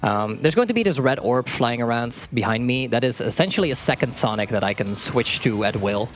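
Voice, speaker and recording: A man's voice: medium pitch, lively intonation, brisk. A man casually explaining his game as he plays it live, laughing often and tripping over words. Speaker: speedrunner. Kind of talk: live speedrun commentary. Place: marathon event stage. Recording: faint game music behind. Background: faint game music.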